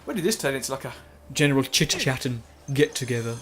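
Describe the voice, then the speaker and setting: A man's voice: mid-range voice, animated, quick pace, a bit bright, slight background noise. Rambling young man playing a game. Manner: rambling, self-correcting, chatty. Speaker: gaming YouTuber. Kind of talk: casual let's-play commentary.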